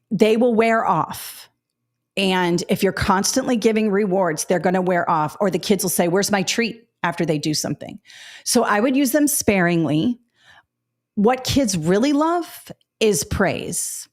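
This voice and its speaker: In a fairly low-pitched voice, a woman gives new teachers practical webinar advice. She tells stories with energy and acts out the things she says to students.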